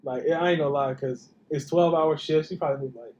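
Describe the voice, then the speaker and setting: A man co-hosting a podcast in casual chat, relaxed and profane, often agreeing with his co-host. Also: fairly high pitch, quick pace. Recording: roomy, dull lo-fi recording.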